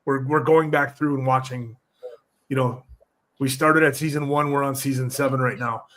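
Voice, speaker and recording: A man's voice: mid-range voice, moderate pace. Middle-aged guy guesting on a podcast, laid back, rambles and restarts a lot. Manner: rambling, relaxed, restarts his sentences. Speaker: podcast guest, former wrestler. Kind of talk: casual interview chat.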